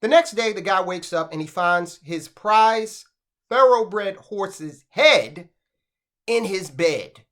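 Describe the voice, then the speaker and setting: A man delivers opinionated finance commentary in a sardonic, rhetorical manner, pressing his points home with repeated "okay?" checks. His pitch swings widely from line to line, and his tone stays bright and forceful. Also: animated, takes it slowly.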